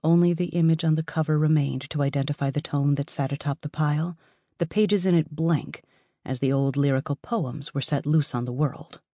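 A woman narrating a fantasy audiobook in a lively storytelling manner with rising emphasis. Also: deep voice, moderate pace, no room sound. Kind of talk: scripted narration.

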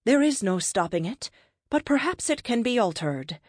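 A woman voicing a calm, cryptic ancient cosmic being in a science fiction story, speaking in terse, measured pronouncements. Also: on the high side, breathy edge, no room sound, clean studio sound, voice pushed up. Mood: stern. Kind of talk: audiobook character reading.

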